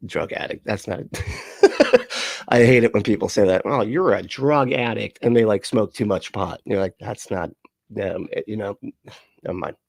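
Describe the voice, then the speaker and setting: A man's voice: fairly low pitch, fairly even intonation, a little fast, gravelly, a little mellow, no room sound. A man streaming casually, reading chat comments aloud, rambling with frequent laughs and swearing. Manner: rambling, laughs often, profane asides.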